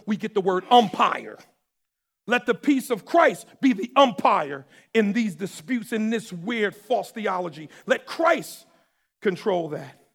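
A man preaching a sermon as pastor. He swings from shouted, emphatic lines to low, quiet asides. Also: gravelly, in a large hall. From New York or New Jersey area.

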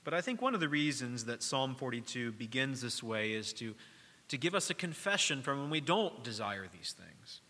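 A middle-aged man, a pastor preaching a sermon in a church, speaking earnestly, dropping to a hush and then rising to emphasis. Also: mid-range voice, very animated, moderate pace, in a large hall. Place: church sanctuary during worship.

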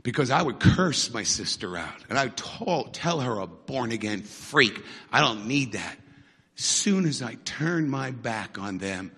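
Fiery, raspy-voiced male preacher. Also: medium pitch, sing-song, unhurried, long reverb tail. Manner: shouting, building to fervent peaks. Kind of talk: fiery sermon.

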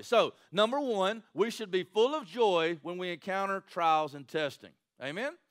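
A pastor with a high-pitched voice preaches to his congregation at a moderate pace. He's animated and conversational, frequently tossing "right?" out to the crowd.

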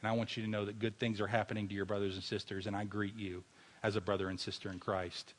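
A man's voice: on the low side, level tone, quick pace. A man preaching a sermon as a pastor, earnestly exhorting his congregation and closing in prayer. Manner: earnest exhorting preacher, rising to fervent emphasis.

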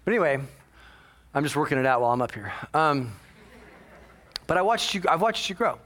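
A male senior pastor preaching a sermon in church, animated, swinging between quiet asides and loud exclamations and acting out his congregation's voices. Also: on the high side, brisk. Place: church sanctuary.

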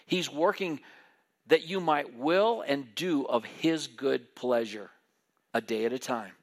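A man delivering a sermon with animated energy. He drops into the voices of the people in his stories, retelling scripture as lively back-and-forth dialogue. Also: medium pitch, slow pace. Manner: animated preaching, acting out biblical voices in dialogue. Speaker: preacher.

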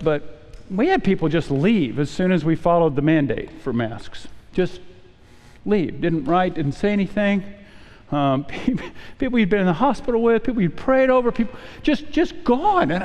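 Earnest high-voiced pastor in a reverberant church. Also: male voice, darkish tone. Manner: earnest, repeats words when emotional. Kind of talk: sermon. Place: church sanctuary. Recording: long hall reverb.

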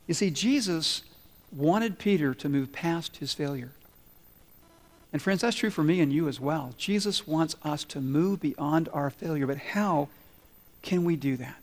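A man's voice: fairly high pitch, measured pace. A man preaching a sermon, telling stories and acting out the people in them as he goes. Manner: storytelling preacher, voices the people in the story. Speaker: pastor. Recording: long reverb of a large hall.

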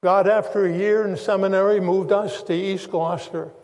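An older man preaches from the pulpit in a high-pitched voice. He tells his story earnestly and circles back on key phrases for emphasis. His voice carries a long reverb through a church sanctuary. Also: steady tone, moderate pace, darkish tone. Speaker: pastor. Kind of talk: sermon testimony.

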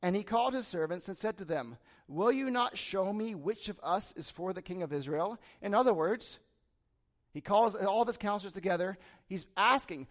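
High-voiced man preaching a casual sermon. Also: normal speed. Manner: reads scripture then retells it in casual modern words; acts out the frightened servant with sudden animated bursts.

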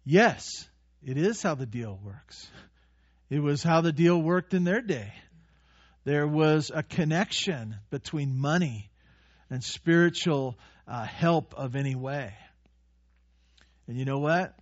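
Male pastor, slightly high voice, storytelling sermon, dry lo-fi recording. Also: slow, pauses often, no echo. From United States. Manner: storytelling, animated when quoting. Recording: dull lo-fi dry sound.

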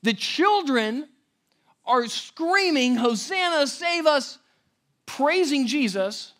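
A man preaching a sermon as pastor, conversational and animated, often checking in with the audience. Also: extremely high pitch, takes it slowly.

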